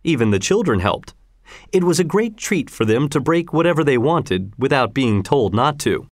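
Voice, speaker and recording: A man narrating a children's history story in a measured, expressive reading. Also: mid-range voice, no echo, clean studio sound.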